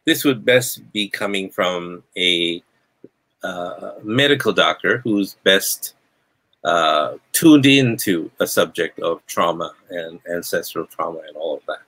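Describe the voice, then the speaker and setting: A man's voice: low voice, slow pace, fairly bright tone. A man hosting a casual interview, interjecting and reading out viewer questions. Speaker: host.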